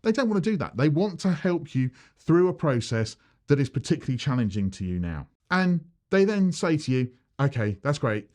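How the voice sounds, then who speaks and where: A man's voice: a little high, a little fast, few pauses. A man, an accountant talking straight to camera about business, who acts out small back-and-forth scenes. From United Kingdom. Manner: animated, acts out little dialogues with changing voices. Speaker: accountant giving business advice. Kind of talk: direct-to-camera advice video.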